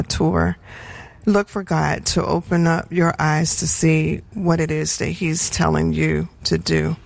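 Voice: mid-range voice, vocal fry. A tour participant giving an earnest, encouraging testimonial.

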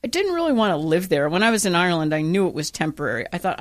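A woman's voice: on the low side, very fast, few pauses. A woman co-hosting a talk radio show, chatting casually and telling stories with acted-out quotes. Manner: animated storyteller, acts out quotes.

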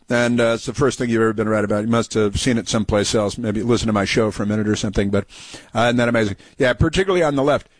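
A man hosting a talk radio show, sarcastic and mocking, talking in halting bursts with many fillers and restarts. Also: mid-range voice, no room sound. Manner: sarcastic, mocking, interjects over clips. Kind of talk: opinionated talk radio commentary.

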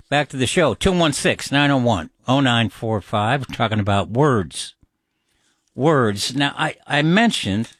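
A man's voice: mid-range voice, no echo, studio quality. A man hosting a call-in radio talk show, chatting casually and explaining at an easy pace with plenty of fillers.

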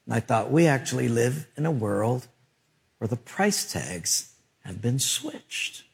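A man's voice: medium pitch, lively intonation, takes it slowly, creaky. A man preaching a sermon as a pastor, telling stories in an emphatic, conversational way.

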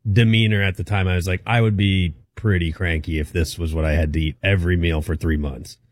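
Man, co-host, low pitch, wry humor, dry close mic. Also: steady tone, fairly quick, dry recording. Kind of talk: casual chat.

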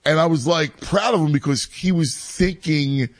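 A man's voice: a little high, normal speed, no room sound. A man in his forties in casual chat, talking in a rambling way with many restarts. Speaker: youth baseball coach and father, co-host.

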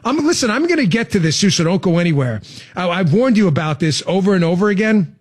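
Talk host, male, high-pitched, sarcastic and animated. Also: fast talker, slightly rough. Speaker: political talk show host. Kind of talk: sarcastic political commentary.

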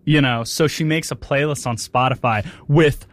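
A man's voice: medium pitch, moderate pace. A young man co-hosting a radio show, rambling and self-mocking with lots of fillers. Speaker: radio co-host. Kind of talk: casual chat.

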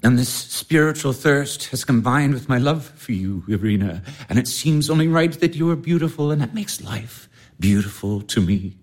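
An earnest young baron, voiced by a man, ardent and sincere. His pitch moves widely through his lines. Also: expressive, moderate pace, natural voice. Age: young adult. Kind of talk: stage-play radio acting.

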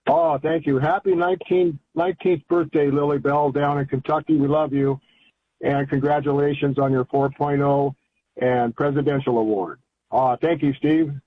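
An older man calls in to a radio show, rambling in a folksy, enthusiastic way. His voice sits a little high and comes through husky. The sound is thin and narrow, like a phone line. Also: fairly even intonation, moderate pace. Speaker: caller. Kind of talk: casual call-in chat.

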